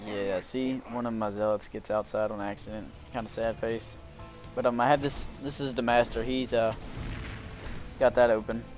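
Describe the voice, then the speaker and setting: A man's voice: medium pitch, steady tone, moderate pace. Guy talking over his game replay, rambly, lots of uhs, bit of music behind. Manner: rambling, filler-heavy, self-narrating. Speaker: gameplay commentator. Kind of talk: casual game commentary. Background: faint background music.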